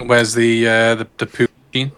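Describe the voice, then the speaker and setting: A man playing a tabletop horror game with friends. He talks in an easygoing, jokey way, and his voice has a sharp, bright edge. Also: mid-range voice, monotone, normal speed, a little hiss or hum. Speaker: player. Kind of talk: casual tabletop game play.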